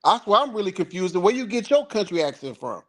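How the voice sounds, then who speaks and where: A man's voice: high-pitched, sing-song, quick pace, a bit bright. A man from the northern United States, pressing an opponent with repeated questions in a heated online debate.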